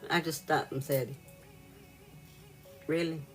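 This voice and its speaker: A woman's voice: deep voice, steady tone, takes it slowly, soft background music. A woman hosting a reiki live stream, telling a story in a casual chat with viewers, laughing often and greeting them by name.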